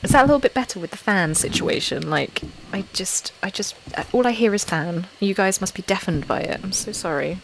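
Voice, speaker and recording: A woman's voice: medium pitch, expressive, fairly quick, vocal fry, hardly any pauses. Giggly woman chatting on a livestream. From England (Essex). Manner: giggly, chatty, self-deprecating. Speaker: ASMR channel host. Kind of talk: casual live-stream chat. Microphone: desktop microphone. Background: laptop fan noise.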